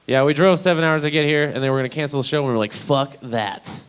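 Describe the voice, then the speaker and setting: Profane deadpan stand-up comedian, young man. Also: mid-range voice, quick pace, hardly any pauses, smooth. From Idaho. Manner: casual, profane, deadpan storytelling. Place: small comedy venue, live.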